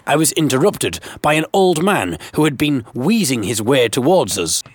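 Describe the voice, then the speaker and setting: A man narrating a comic story with dry sarcasm, a slightly husky voice and lively, expressive pitch. The recording is close and dry with no room sound. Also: moderate pace, no room sound. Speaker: narrator and host of a comic series. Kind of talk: comic first-person storytelling.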